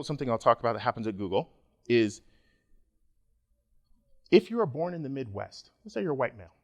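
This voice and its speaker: Man, middle-aged, from Nigeria, conference speaker; lively pitch, jokey, middle register. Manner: animated, joking with the audience. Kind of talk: conference talk.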